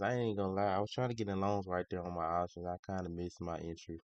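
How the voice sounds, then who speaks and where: A man's voice: low voice, fairly even intonation, fairly quick, few pauses, a little mellow, no echo. A man trading live on a stream, talking in casual slangy commentary, grumbling and repeating himself. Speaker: day trader streaming live. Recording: dry, slightly muffled lo-fi audio.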